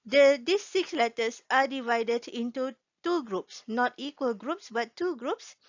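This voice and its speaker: Woman w teaching, slow, bit higher voice, dull dry recording. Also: no echo. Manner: patient, checks in often with "okay?" and repeats each rule. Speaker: Quran recitation teacher. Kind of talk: slow explanatory online lesson.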